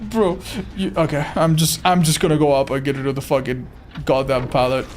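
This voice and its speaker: A man's voice: a little high, level tone, brisk. A young man streaming live gameplay commentary, swearing a lot and breaking into frustrated outbursts. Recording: noisy stream with game sound.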